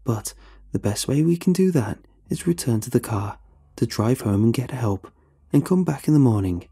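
A man voicing a nervous young man who speaks carefully and tensely to calm his friends. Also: mid-range voice, moderate pace, breathy edge, pitched above the performer's own voice.

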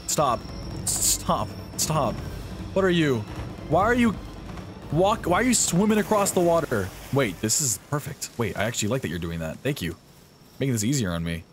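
A young man giving live gameplay commentary, excitable and often yelping and swearing at enemies. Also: medium pitch, moderate pace, music in the background. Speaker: streamer.

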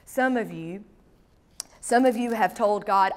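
A woman's voice: medium pitch, slow, long pauses, a little mellow. A woman pastor preaching a sermon, telling folksy stories in a chatty, conversational way with side remarks. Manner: conversational, folksy storytelling with asides. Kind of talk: storytelling sermon.

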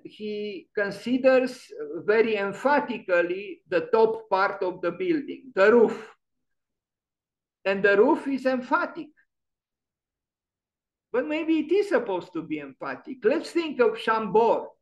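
A man's voice: high-pitched, muffled recording. A man giving an online lecture on architecture, musing and emphatic, often restarting his sentences. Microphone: video call.

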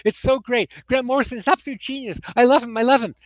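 A woman doing a breathless, geeky kid fan who gushes in quick gee-whiz bursts, the voice pushed up high and eager. The sound is dry and close, with no room around it. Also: steady tone, dry recording, lo-fi sound, natural voice. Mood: gushing. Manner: breathless gee-whiz gushing, then bratty threats. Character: gushing geeky young comics fan.

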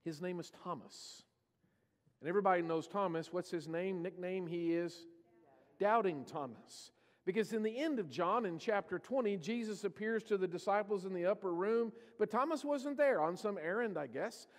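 A man with a high voice preaches a sermon in a church. The sound carries a long reverb from the hall around him. He tells scripture stories and slips into the voices of the people in them. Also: moderate pace. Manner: storytelling, acting out quoted voices. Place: church sanctuary.

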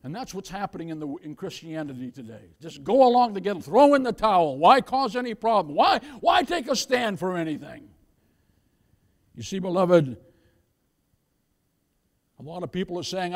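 A man preaching a sermon, his voice pitched unusually high for a man. He preaches with emphasis, turning often to his listeners as "beloved" and asking them for an amen. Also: very animated, moderate pace. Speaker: pastor.

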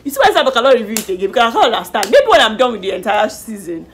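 A woman chatting casually in a lively, animated way as she reviews a reality show. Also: on the high side, rapid-fire, noisy background. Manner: lively, animated retelling with slang. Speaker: YouTube reviewer.

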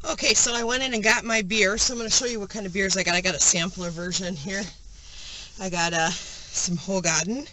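A woman's voice: medium pitch, steady tone, a little fast. Chatty woman vlogging from a car. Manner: chatty, rambling with fillers. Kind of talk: casual chat. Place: inside a car, driving. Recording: car noise behind. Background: car engine noise.

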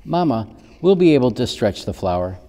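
A man voicing a cheerful, eager young boy in a storybook, with a quick, bouncy manner. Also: mid-range voice, sing-song, mellow, in a large hall, natural voice.

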